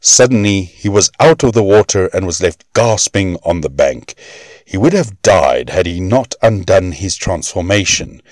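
A man reading old Norse myths aloud as a storybook narrator in a measured, expressive way. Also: sits low, dry recording.

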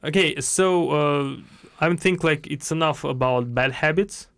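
A man's voice: fairly high pitch, unhurried, fairly bright tone, clean tone, dry recording, studio quality. A man from Russia with a Russian accent, co-hosting a casual podcast in non-native English and laughing often. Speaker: podcast co-host.

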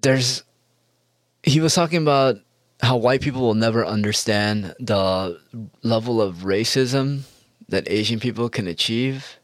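A man's voice: mid-range voice, measured pace, no echo, studio quality. A man hosting a solo podcast, rambling in a profane, sarcastic way. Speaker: podcast host.

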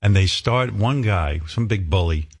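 Low-voiced ranting New radio host. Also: male voice, animated, measured pace, breathy edge. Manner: profane, ranting and indignant. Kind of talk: radio talk show chat.

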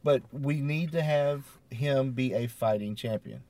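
A man's voice: mid-range voice, a little slow, a little mellow. A man co-hosting a podcast, agreeable and laid-back, chuckling as he chats. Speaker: podcast co-host. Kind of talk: casual wrestling review chat.

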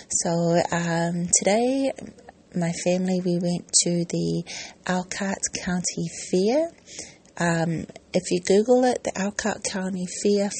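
A woman in her thirties hosts her own podcast, chatting her way through a family story. Her voice sits fairly low with a gravelly, husky edge. She wanders and corrects herself as she talks. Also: darkish tone. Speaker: podcast host. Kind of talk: casual personal podcast monologue.

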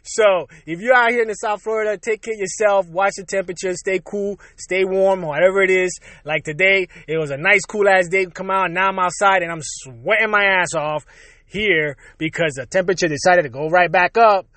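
A man's voice: sits high, a little fast, fairly bright tone, no room sound. A man from Puerto Rico hosting his own show, ranting casually and profanely and laughing between lines. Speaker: podcast host. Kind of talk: casual solo rant.

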